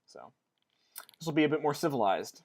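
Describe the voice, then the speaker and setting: A man's voice: a little high, big pitch swings, fairly quick, a little mellow. A young man talking casually in a weekly vlog, rambling and restarting his sentences often. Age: young adult. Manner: rambling, with many restarts and fillers. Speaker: vlogger.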